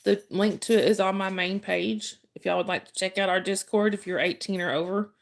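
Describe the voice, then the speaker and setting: A woman's voice: mid-range voice, fairly even intonation, a little fast, gravelly. A woman hosting a casual livestream, telling a story and chatting with viewers, laughing often and restarting sentences. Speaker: livestream host. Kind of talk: casual live chat storytelling.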